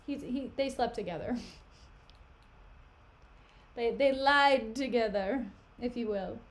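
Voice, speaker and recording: Young woman, streamer, casual play recap, chatty fillers, giggly asides, fairly high pitch. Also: takes it slowly. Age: young adult. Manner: chatty, lots of "like" and "you know", giggly asides. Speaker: streamer reading a play aloud. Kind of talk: casual reading and commentary.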